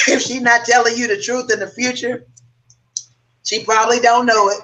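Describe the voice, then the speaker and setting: A woman talks through her thoughts at a casual round table, reflective and advising. Her tone is bright and forceful, and her voice sits a little distant from the microphone. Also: a little high, flat delivery, normal speed. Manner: reflective, giving advice. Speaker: co-host.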